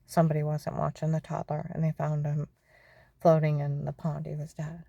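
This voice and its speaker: A woman's voice: deep voice, completely flat delivery, moderate pace, creaky, mellow, no echo. A middle-aged woman telling her own story in a testimony monologue, keeps asking "okay?" and often drops into a whisper.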